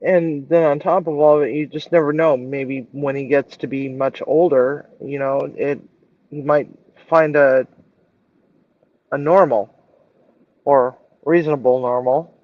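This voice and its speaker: A man's voice: mid-range voice, fairly even intonation, unhurried, narrow, tinny audio. A man chatting casually as a guest, hedging loosely with lots of fillers. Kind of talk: casual chat.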